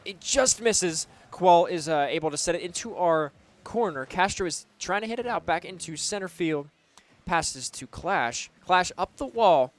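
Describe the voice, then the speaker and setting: A young man casting a college esports match, calling plays in a loose, excitable way with lots of fillers. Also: high-pitched, normal speed. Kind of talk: play-by-play commentary.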